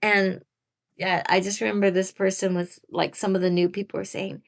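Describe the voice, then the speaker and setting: A woman's voice: mid-range voice, little pitch movement, normal speed, gravelly. A woman in her fifties giving casual, chatty advice to newcomers, rambling a little and laughing at herself. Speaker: veteran program participant giving advice. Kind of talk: casual advice talk to camera.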